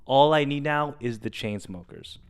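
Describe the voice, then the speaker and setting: A man's voice: mid-range voice, normal speed, clear, resonant tone. A young man, a podcast co-host, telling a long story casually and acting out what people said. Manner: animated storyteller acting out quotes.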